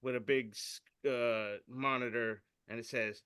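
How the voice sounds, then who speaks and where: A podcast co-host reads memes aloud during casual chat, stumbling over his words and giggling at his tongue slips. His mid-range voice is sharp-toned and smooth, a little slow with fairly even intonation, captured in clean studio sound with no echo.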